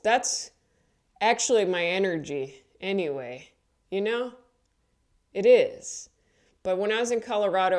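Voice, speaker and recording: A woman's voice: fairly low pitch, darkish tone. A woman comedian talking casually to the camera, chatty and rambling, often correcting herself and laughing along the way. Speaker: stand-up comedian. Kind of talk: casual vlog monologue.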